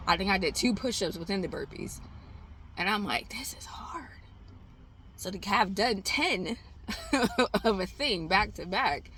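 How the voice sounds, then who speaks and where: An exhausted woman talks to camera at home in a loose, rambling vlog. Her voice is bright and forward, set at a mid pitch. She swears freely and laughs her way through her thoughts. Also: slight background noise. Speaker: trading vlogger. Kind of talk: casual self-talk vlog.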